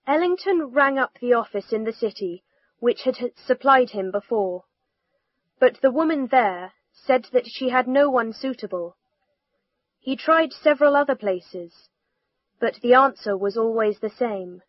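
Slow, careful woman reading a lesson. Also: fairly high pitch, no echo. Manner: careful, clearly enunciated, lively for quoted dialogue. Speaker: reader of a language lesson text. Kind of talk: slow scripted reading of a textbook story. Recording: dull, slightly lo-fi recording.

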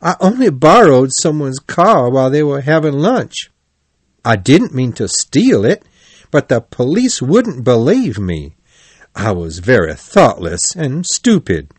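A man's voice: medium pitch, very animated, a little slow, husky, no echo. A man voicing a vain, boastful male toad disguised as a maid, in a whiny, pleading, self-important voice for a storybook reading. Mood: sheepish.

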